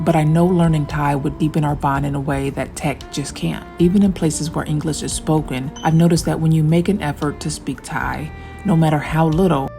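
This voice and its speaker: Female voice-over narrator, warm gravelly tone, measured scripted read over soft music. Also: sits low. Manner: measured, explanatory. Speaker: vlogger narrating. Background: faint music.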